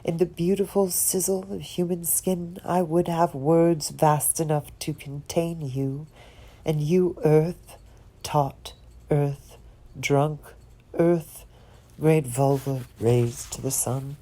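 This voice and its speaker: Slow, low-voiced woman reading poetry. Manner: expressive, drops some words to a whisper; lingers on and repeats single words. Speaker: poetry reader.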